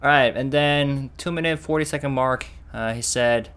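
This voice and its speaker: A man's voice: mid-range voice, moderate pace, fairly bright tone, clear, resonant tone. A young man hosting a casual reaction video, chatting and stopping often to react and translate. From Korea.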